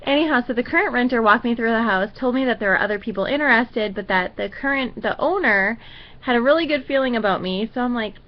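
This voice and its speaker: A young woman with a slightly high voice chats to her camera and rambles through a personal story, filling her pauses with "um" and "like". The sound is a little dull and lo-fi, like an ordinary home video. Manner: rambling, chatty storytelling with many fillers. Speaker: vlogger. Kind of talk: casual chat to camera.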